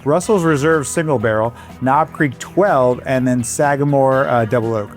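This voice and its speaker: A man's voice: medium pitch, moderate pace, soft background music. A man appearing as a podcast guest, chatting casually and enthusiastically, sometimes stumbling over names. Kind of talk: casual chat.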